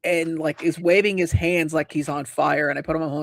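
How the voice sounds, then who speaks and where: A man's voice: fairly high pitch, fairly even intonation, a little fast, creaky, few pauses, a little hiss or hum. A man hosting a casual livestream chat, telling long rambling stories and acting out the people in them. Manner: rambling storyteller, acts out quoted voices. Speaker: livestream host.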